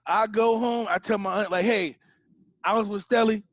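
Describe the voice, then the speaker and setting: Podcast co-host, man in his thirties, high voice, lively storyteller, dry muffled recording. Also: normal speed. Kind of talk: casual storytelling chat.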